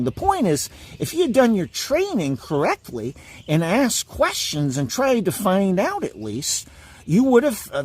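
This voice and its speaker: A man delivering an angry, profane monologue straight to his viewers, full of insults and repeated points. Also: extremely high pitch. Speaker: vlogger.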